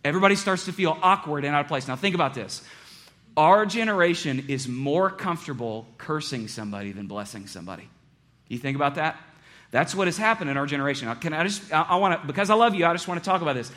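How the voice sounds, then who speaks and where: A man's voice: a little high, lively intonation, fast, fairly bright tone. A man preaching a sermon as a pastor, earnest and conversational, often repeating his phrases.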